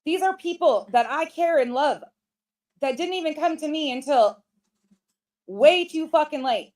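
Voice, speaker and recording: Furious high-voiced woman ranting. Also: lively intonation, unhurried, a little mellow. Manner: angry, profane, emphatic ranting. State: pissed off. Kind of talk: heated livestream commentary.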